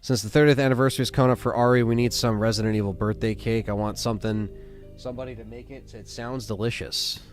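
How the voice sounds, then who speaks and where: A man's voice: mid-range voice, steady tone, quick pace, faint music behind. A tired man casually chatting to viewers during a live stream, rambling with many fillers and restarts. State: tired, yawning.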